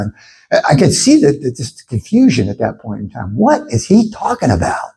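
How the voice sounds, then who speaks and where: A man preaching a sermon in an animated way, acting out the voices of his listeners as he goes. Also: mid-range voice, normal speed, rough recording. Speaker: pastor.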